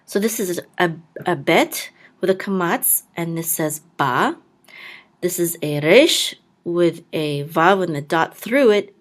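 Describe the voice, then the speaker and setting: A woman with a low voice walks through a reading lesson at an unhurried pace. She sounds out each syllable with patience, then repeats the whole word. Her manner is that of a calm teacher. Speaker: podcast host and Hebrew blessing teacher. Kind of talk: slow step-by-step reading lesson.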